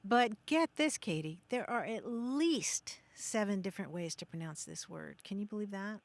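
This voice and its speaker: A woman's voice: mid-range voice, animated, moderate pace, vocal fry, no echo. A woman from Kentucky co-hosting a radio talk show, asking callers friendly questions and explaining word pronunciations.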